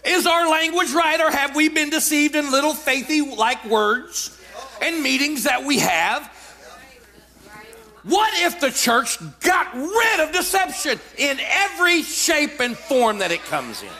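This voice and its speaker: A male preacher, delivering an emphatic sermon full of shouted declarations and call-and-response. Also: extremely high pitch, very animated, measured pace. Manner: repetitive call-and-response exhortation.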